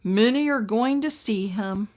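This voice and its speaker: A woman voicing a slow, lumbering, kindly cow in a storybook tale. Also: fairly high pitch, darkish tone, close to an everyday voice. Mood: calm. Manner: mooing, plodding.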